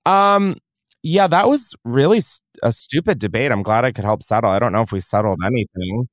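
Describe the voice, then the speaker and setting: A young man hosting a podcast in casual chat, animated and swearing freely. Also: medium pitch, fairly quick, no room sound, clean studio sound. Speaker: podcast host.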